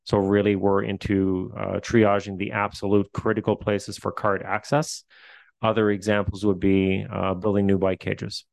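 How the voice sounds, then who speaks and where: Gravelly Newfoundland man, low and flat. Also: normal speed, dry recording. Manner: hesitant, many fillers and restarts. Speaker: facilities administrator. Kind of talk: answering questions at a meeting.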